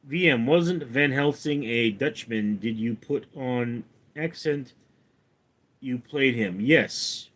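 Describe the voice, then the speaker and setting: Slow-talking man reading his live chat. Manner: reads out viewers' names and comments, then answers them; calls out names louder and higher than his answers. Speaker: streamer reading viewer chat; actor. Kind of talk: casual livestream chat.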